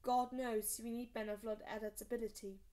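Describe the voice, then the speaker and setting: A woman reading aloud, voicing a gruff, blunt old male lord commander who growls his commands. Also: fairly high pitch, little pitch movement, a little fast, warm tone, lightly acted. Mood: stern.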